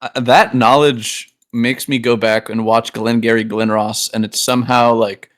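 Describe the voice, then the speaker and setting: A young man co-hosting a casual comedic podcast chat, delivering sarcastic jokes in a deadpan way. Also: medium pitch, unhurried. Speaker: podcast co-host.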